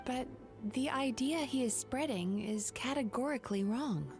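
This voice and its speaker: A woman voicing a calm, thoughtful young investigator in a game, speaking deliberately. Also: sits high, faint music behind.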